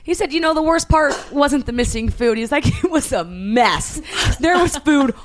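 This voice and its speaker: A woman's voice: high-pitched, animated, normal speed, a little hiss or hum. A young woman co-hosting a podcast, telling stories in casual chat with frequent laughs. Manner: chatty, storytelling with laughs. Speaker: podcast co-host.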